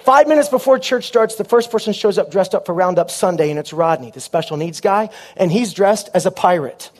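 A man preaching a sermon as a comic story, punchy and animated, with quick asides to the crowd. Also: high-pitched.

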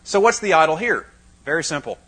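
Man, preacher, fairly high pitch, breathy edge, lively Bible teaching with joking asides. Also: fairly quick, rough recording. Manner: lively, dramatizes scripture with wry asides. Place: room with a live audience.

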